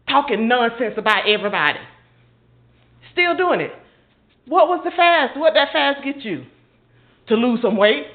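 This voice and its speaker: An older woman, preaching an informal sermon in an impassioned, conversational way, sometimes mimicking people in mocking asides. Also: high-pitched. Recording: phone-quality audio in an echoey room.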